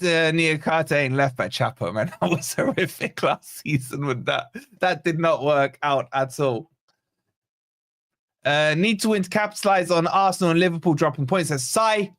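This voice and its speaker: A man's voice: a little high, fairly bright tone. Chatty man hosting a fan stream. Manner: chatty, teasing banter while reading chat comments aloud. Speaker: fan channel host. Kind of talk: live-stream watch-along chat.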